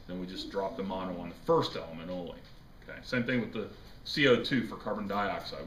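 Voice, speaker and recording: In an echoey classroom with faint background noise, a man teaches chemistry, lecturing casually while joking with his students and quizzing them. His voice is lowish with a slightly bright edge.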